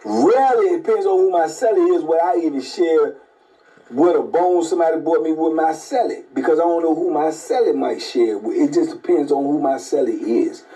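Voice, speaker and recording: A man's voice: on the high side, a little fast, warm tone, recorded from a distance, poor audio. A man casually telling a story, rambling and slangy, with lots of restarts. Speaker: storyteller recalling prison life.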